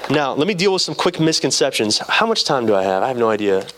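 Young male preacher, relaxed storyteller, mid-pitched voice, acts out the dialogue. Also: fast, slight background noise. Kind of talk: sermon with personal story.

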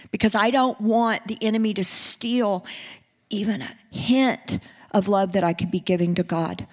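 A woman preaching a sermon, earnest, moving from hushed and soft passages to rising, emphatic ones. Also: mid-range voice, in a large hall.

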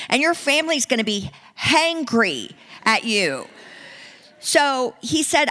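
A woman preaching a sermon, earnest, moving from hushed and soft passages to rising, emphatic ones. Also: on the high side, big pitch swings, measured pace, big-room sound.

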